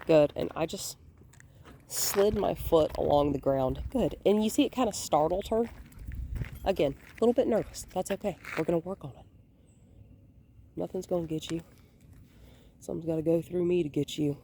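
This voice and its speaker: A woman dog trainer filming a walk outdoors on a hand-held phone, calmly explaining and softly praising the dog. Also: fairly low pitch, moderate pace, pauses often, a little hiss or hum. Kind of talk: hands-on training demonstration. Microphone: phone held in one hand.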